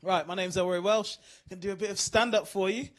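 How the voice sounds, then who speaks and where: A man from the UK doing an animated stand-up routine, asking the crowd questions. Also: high voice, fast talker. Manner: animated storytelling, asks the crowd. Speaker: stand-up comedian.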